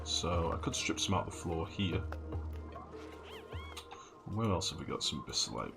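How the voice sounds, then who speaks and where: A man with a low, deep voice streams a game from home, thinking aloud and swearing casually as he plays. His delivery swings around lively. Clear game music runs under his voice. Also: moderate pace. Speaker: gaming streamer. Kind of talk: casual live game commentary.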